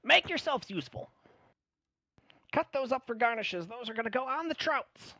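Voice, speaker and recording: A man voicing a small, fussy male gnome head chef who barks orders in a shrill, flustered way. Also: animated, normal speed, pushed and bright, dry recording, clean studio sound, full character voice. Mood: bossy.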